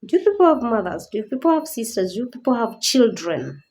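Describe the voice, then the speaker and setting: A woman's voice: a little high, very animated, fast, a little mellow, low-quality recording. A woman giving a personal awareness talk as a disability advocate, earnest and pleading, rising to indignant questions.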